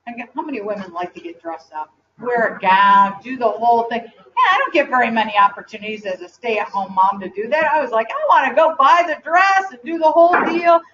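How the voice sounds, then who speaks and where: A woman in her forties giving a motivational speech to an audience, animated, telling stories and asking the room questions. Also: mid-range voice, slight background noise. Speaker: speaker at a company event. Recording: distant, dull lo-fi live recording.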